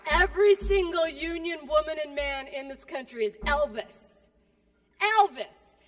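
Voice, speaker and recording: A woman giving a fiery keynote speech at a union rally, profane and combative, swinging between quiet asides and shouting. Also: sits high, normal speed. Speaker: keynote speaker. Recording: long hall reverb.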